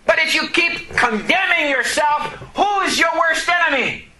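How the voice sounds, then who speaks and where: Preacher, male, very high and piercing voice, emphatic, quizzes the congregation. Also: lively intonation, a little slow, poor audio. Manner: emphatic, questions the congregation, rises to shouting. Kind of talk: sermon. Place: church service.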